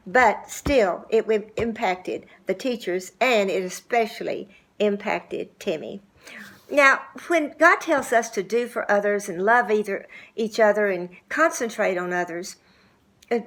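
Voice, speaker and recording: An older woman giving a devotional church talk, homey and anecdotal, gently urging her listeners. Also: mid-range voice. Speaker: church speaker.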